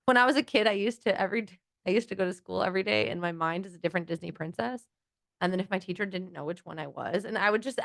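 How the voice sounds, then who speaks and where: A young adult woman, a guest in a casual interview, talking quickly and animatedly with many fillers and playful acted-out quotes. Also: medium pitch, creaky, fairly bright tone, dry recording, clean studio sound. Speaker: guest, financial literacy educator.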